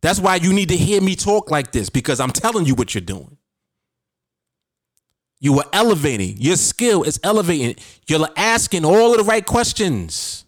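Animated, emphatic man hosting a podcast. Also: high-pitched, no echo, studio quality. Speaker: podcast host and trading coach. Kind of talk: casual motivational talk.

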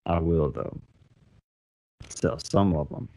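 A man's voice: low voice, takes it slowly, warm tone, no room sound. A man co-hosting a podcast, teasing and joking in casual banter. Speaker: podcast co-host. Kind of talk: casual chat. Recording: dull, dry lo-fi mic.

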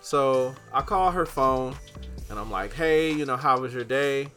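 A young man with a bright, forceful voice tells a story on a podcast in a loose, casual way. He gets louder and higher as the story heats up, and faint music sits behind him. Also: unhurried. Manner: animated, gets loud and high when excited. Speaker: podcast host.

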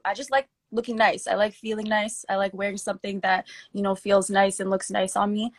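A woman's voice: mid-range voice, no room sound. A young woman co-hosting a podcast, chatting casually and filling her talk with "like". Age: young adult. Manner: chatty, lots of "like" fillers. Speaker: podcast co-host. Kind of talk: casual chat.

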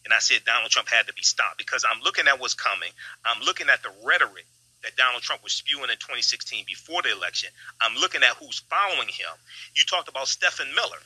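Man, political commentary guest, urgent, halting, very bright tone, dry sound. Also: medium pitch, lively intonation, breathy edge, dry recording, poor audio. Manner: urgent, halting, calls the host brother.

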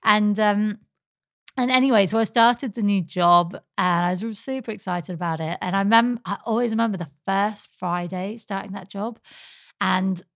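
An English woman in her thirties co-hosting a podcast, telling a personal story in an animated, chatty way full of fillers. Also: medium pitch, moderate pace, gravelly, no room sound, studio quality. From England. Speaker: podcast co-host. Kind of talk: casual storytelling chat.

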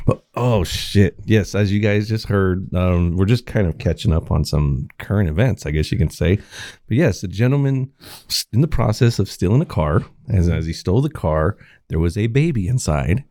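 A man's voice: deep voice, animated, moderate pace, mellow, dry recording, clean studio sound. A man co-hosting a casual podcast, rambling and laughing as he chats. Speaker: podcast co-host. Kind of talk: casual chat. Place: tattoo shop studio.

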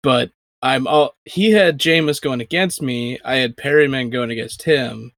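A man's voice: mid-range voice, a little slow, vocal fry, fairly bright tone, dry recording. Tired, wry man on a dry mic. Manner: wry, joking, laughs often. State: tired from little sleep. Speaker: podcast co-host. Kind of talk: casual sports podcast chat.

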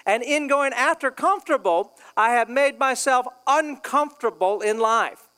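A man's voice: very high voice, lively intonation, moderate pace, bright, forceful tone, clean tone. A male pastor preaching a sermon in a casual, joking way, acting out quoted voices. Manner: jokey, conversational, acts out quoted voices. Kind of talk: humorous sermon.

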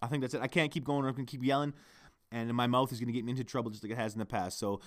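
A man's voice: mid-range voice, steady tone, rapid-fire. A man hosting a solo podcast, ranting heatedly and swearing constantly into his microphone. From Canada. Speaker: podcast host.

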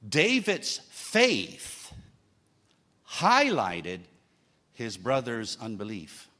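A man's voice: medium pitch, huge pitch swings, extremely slow, bright, forceful tone. A man preaching a sermon, emphatic, with humorous asides.

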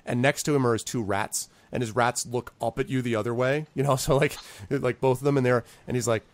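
A man's voice: medium pitch, fairly even intonation, a little fast, dry recording. A man narrating as game master, casual and rambling with lots of fillers.

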